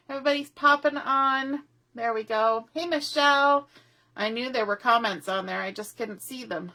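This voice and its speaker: A middle-aged woman runs a live craft demo from her table at home, chatting and rambling in a fairly high voice. She is a little out of breath and talks at an easy, unhurried pace, greeting viewers by name as she works. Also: fairly bright tone. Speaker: craft demonstrator hosting a live online crop.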